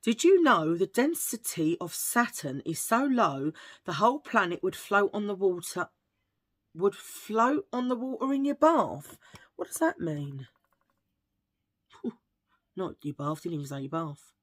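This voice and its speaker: A woman's voice: mid-range voice, sing-song, a little slow, pauses often. A woman chatting to camera as a beauty vlogger, rambling and telling cheesy jokes. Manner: chatty, jokey, rambling asides. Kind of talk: casual chat to camera.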